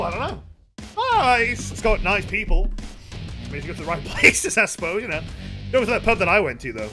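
A man with a high, bright voice rambles through a casual live stream, swearing freely as he answers chat. His pitch swings all over the place, and faint music plays behind him. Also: very animated, a little fast, pauses often. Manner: rambling, heavy casual swearing, chatty with viewers.

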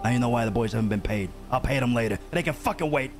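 A man voicing a brooding, hot-tempered mob boss in a game roleplay, cursing and moving from low, measured talk to shouting. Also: lightly acted. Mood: bitter. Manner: swears heavily, swings from low and measured to shouting. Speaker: roleplay streamer. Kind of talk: gangster roleplay. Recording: game stream with music underneath.

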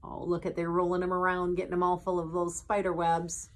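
A woman's voice: lowish voice, monotone, a little fast. A woman hosting a children's story time, reading a picture book aloud with chatty asides to young viewers. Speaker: storyteller host.

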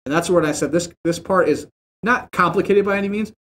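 A man's voice: sits high, fairly quick, a bit bright, slight background noise. Chatty man explaining mic settings. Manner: chatty and informal, repeats phrases, talks straight to the viewer. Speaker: tech tutorial host. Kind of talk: casual how-to explanation. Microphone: desktop mic with processing plugins.

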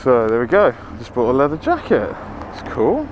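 With wildly swooping pitch in a mid-range voice, this rider talks at a moderate pace, cursing the traffic and chatting to his camera as he motorbikes through town. The sound is muffled, with noisy wind and traffic behind it.

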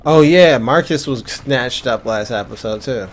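A man's voice: mid-range voice, a little slow. A tired young man giving casual, rambling gameplay commentary. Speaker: gamer.

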